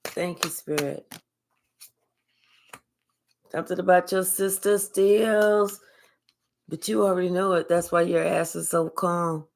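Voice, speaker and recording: An older woman hosting a live spiritual reading stream, chatting casually and thanking viewers by name in a relaxed, affectionate way. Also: on the low side, moderate pace, creaky.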